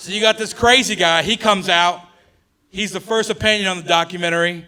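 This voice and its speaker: A man's voice: sits high, fairly even intonation, a little fast, sharp tone. A male stand-up comedian telling jokes on stage, chatty and self-correcting, often laughing through his lines. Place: comedy stage before an audience.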